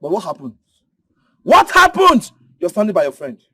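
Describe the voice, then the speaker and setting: An actor playing a touchy, hot-tempered younger brother, shouting and stammering in a Nigerian English accent. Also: male voice, high voice, wildly swooping pitch, normal speed, slightly rough, dry recording, clean studio sound, exaggerated voice. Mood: bitter. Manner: agitated, shouting, stammering repeats. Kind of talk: Nollywood film acting.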